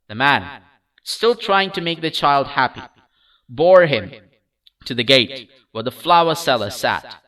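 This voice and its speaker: A man reading a story aloud as a storyteller, in a measured, expressive scripted narration. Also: medium pitch, recorded from a distance, poor audio.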